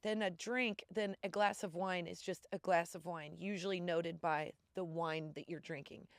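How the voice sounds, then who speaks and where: A woman's voice: on the low side, steady tone, moderate pace, no echo, studio quality. A woman guest on a comedy podcast, blunt and sarcastic, with a slight lisp. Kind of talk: casual comedy podcast chat.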